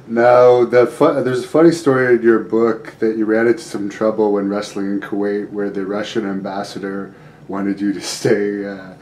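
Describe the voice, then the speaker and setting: A man's voice: on the low side, little pitch movement, normal speed, darkish tone, slight background noise. A man hosting an interview, setting up questions plainly. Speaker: host.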